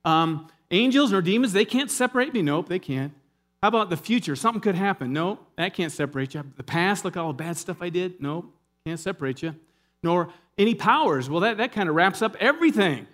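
A man preaching a sermon in a lively, conversational way, with asides and jokes to the congregation. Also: high voice, a little fast. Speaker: pastor.

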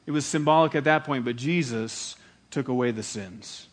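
A man's voice: mid-range voice, normal speed. A male pastor preaching a sermon, emphatic and dramatic in storytelling.

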